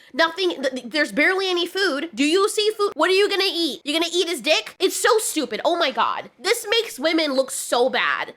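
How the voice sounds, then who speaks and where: A woman reviewing an animated show in an exasperated, sarcastic rant, swearing freely and sounding a bit unwell. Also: extremely high pitch. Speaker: video reviewer. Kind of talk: ranting review commentary.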